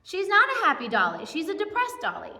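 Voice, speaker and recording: Chatty high-voiced woman pastor, echoey hall. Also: wildly swooping pitch, brisk, bright, forceful tone. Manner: chatty, self-deprecating, many asides and fillers. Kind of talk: conversational sermon. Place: church. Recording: echoey church hall with long reverb.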